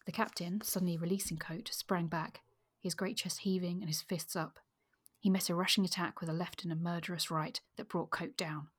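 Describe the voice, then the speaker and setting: Low, husky woman reading aloud. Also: brisk, hardly any pauses. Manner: fillers, lively when excited. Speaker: podcast co-host. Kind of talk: book discussion and reading aloud.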